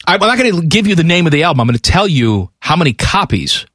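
A man hosting a sports radio show, in teasing, animated banter. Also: a little high, fast talker, slightly rough, no echo, clean studio sound.

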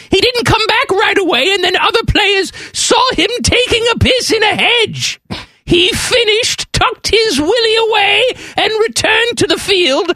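A woman's voice: very high voice, pushed and bright, no room sound, clean studio sound. A woman co-hosting a radio show, reading a funny news story in a dramatic, emphatic way. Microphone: studio microphone.

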